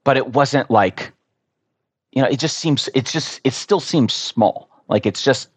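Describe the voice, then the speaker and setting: A man telling an earnest, animated story as a podcast guest in casual conversation. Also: mid-range voice, a little slow, husky, dry recording.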